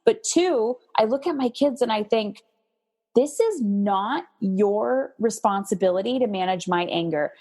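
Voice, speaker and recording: A woman being interviewed as a parenting coach, talking candidly and in an animated way, and often acting out her own past words. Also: on the high side, a little slow. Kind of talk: conversational interview.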